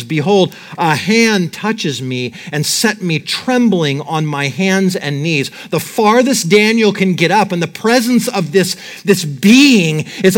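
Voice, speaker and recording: Middle-aged male pastor, sermon delivery, animated, slightly high voice. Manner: animated, reads scripture aloud and acts out Daniel's terror.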